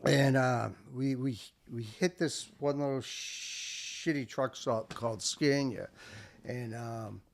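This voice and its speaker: Gravelly older man telling war stories. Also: mid-range voice, slow pace, slight background noise. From United States. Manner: animated, swearing, acts out shouted quotes. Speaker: veteran guest. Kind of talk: casual war storytelling.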